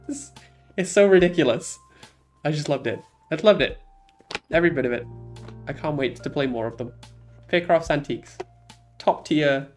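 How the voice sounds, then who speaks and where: Rambling streamer with faint music. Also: male voice, mid-range voice. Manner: rambling, many fillers and restarts, laughs often. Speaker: streamer ranking games. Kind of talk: casual chat.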